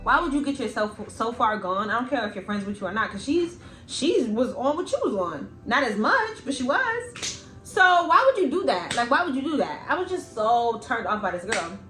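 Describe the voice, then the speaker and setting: A young adult woman telling a storytime vlog in a blunt, animated and profane way. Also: on the high side, a little fast, few pauses, soft background music. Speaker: vlogger. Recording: roomy echo.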